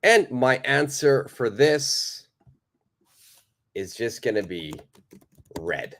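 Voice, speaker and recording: A man's voice: mid-range voice, very animated, slow pace, fairly bright tone. A man teaching a live online English lesson, patiently reading out viewers' answers, praising them and explaining simple phrases.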